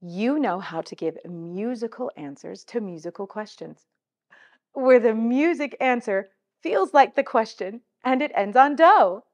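A woman leads a children's music lesson with call-and-response, upbeat and coaxing. Her voice is a little high with lively intonation, and she speaks slowly and articulates clearly.

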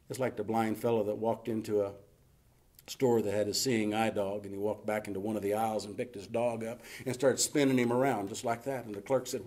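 A man's voice: on the low side, steady tone, brisk, darkish tone. A man preaching a sermon in a church as pastor, folksy and emphatic, often closing a thought with "you see". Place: church sanctuary.

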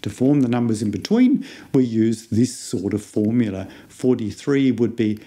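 A man's voice: mid-range voice, animated, mellow. A man with an Australian accent, a university lecturer giving a beginner language lesson and patiently explaining each sound. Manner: patient, explains sounds step by step and repeats words slowly.

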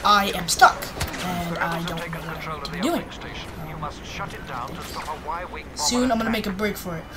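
A woman's voice: fairly low pitch, a little slow, over a noisy crowd, low-quality recording. A woman hosting a gaming video, chatting casually and cheering or yelping as she plays. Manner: excitable, yelps and cheers mid-play. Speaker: gaming channel host. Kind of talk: casual gameplay commentary.

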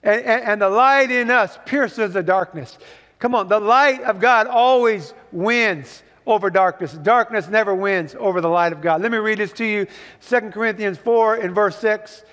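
A man's voice: high voice, normal speed, a bit bright. A man preaching a sermon as pastor, emphatic and urging the congregation on, heard in a church sanctuary. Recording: long reverb of a large hall.

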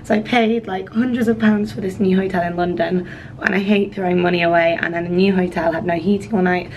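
A woman vlogger with a cold-roughened, hoarse voice, chatting to camera in a rambling, apologetic way. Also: fairly low pitch, steady tone, brisk, a little mellow, slight background noise, poor audio. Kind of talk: casual vlog chat to camera.

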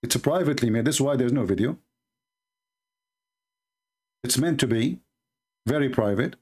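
A man's voice: medium pitch, moderate pace, darkish tone. Guy ranting on a live stream about video clips, fired up, hammering words over and over. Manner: indignant, emphatic, repeats words for stress. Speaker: religious commentary host.

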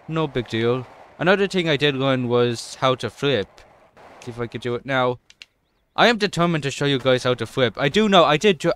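Excitable young man with a smooth voice. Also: medium pitch, no echo. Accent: non-American English. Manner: excitable, swears freely, yelps at in-game mishaps. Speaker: gaming YouTuber. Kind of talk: let's-play commentary.

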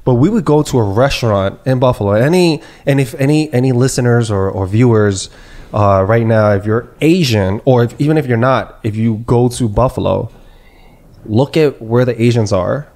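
Animated man telling a story. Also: mid-range voice, normal speed. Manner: animated storyteller who acts out quoted people. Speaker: podcast host. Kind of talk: casual podcast chat.

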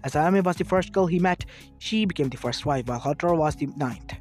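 A man's voice: on the high side, fairly quick, darkish tone, soft background music. A man reading a fan fiction story aloud as narrator, plainly, with occasional slips and restarts.

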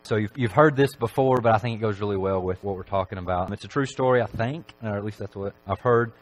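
A man preaching a Sunday evening sermon in a church, talking in a relaxed, conversational way with frequent filler phrases. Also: on the low side, fast talker, rough recording.

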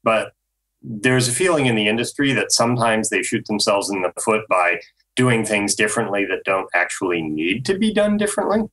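Guy with a low voice and crisp bright tone, chatting on a car news panel show, measured. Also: big pitch swings, rough recording. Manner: measured, explanatory, frequent ums. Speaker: automotive journalist panelist. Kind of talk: podcast panel discussion.

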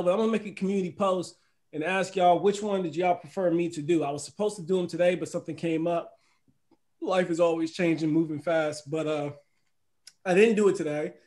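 A middle-aged man from the United States hosts a casual livestream chat in a high, bright voice. He laughs often and reads viewers' comments aloud as he goes. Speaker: host.

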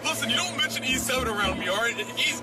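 A man's voice: extremely high pitch, expressive, fast talker, loud music behind the voice. A man chatting on a stream, heated and profane as he rants. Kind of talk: casual stream chat.

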